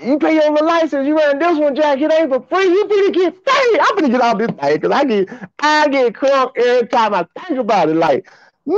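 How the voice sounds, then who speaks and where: A man hosting a track and field show, talking to his fans in an excited, slangy, repetitive way on a livestream. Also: very high voice, brisk, no room sound, muffled recording. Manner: hyped, hollering, slangy and repetitive.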